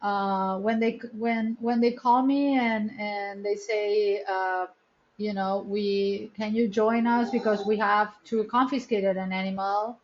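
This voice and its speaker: A woman's voice: medium pitch, steady tone, slow, highs cut off. A woman, the founder of a wildlife rescue center, talking as a guest in a casual interview with an earnest, chatty storytelling manner and non-native English phrasing.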